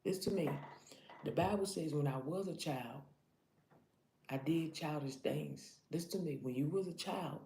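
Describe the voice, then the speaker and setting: A woman's voice: low-pitched, mellow, echoey room, slight background noise. A woman in her thirties giving an earnest, preachy motivational talk to her followers, often repeating herself to drive points home. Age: 30s. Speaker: vlogger.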